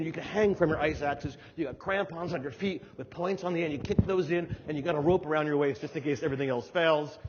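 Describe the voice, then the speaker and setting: A middle-aged man from New Jersey giving a humorous storytelling keynote speech, acting out voices with animated delivery. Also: on the high side, slight background noise. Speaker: keynote speaker. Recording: dull hall recording with long reverb.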